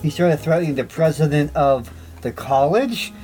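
A man's voice: a little high, moderate pace, dark tone, faint music behind, poor audio. A man co-hosting a casual chat, rambling and thinking aloud as he searches online. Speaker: podcast co-host.

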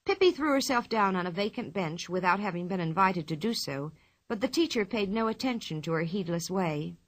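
A woman reading a children's storybook aloud as narrator, clear and expressive. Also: medium pitch, fairly quick.

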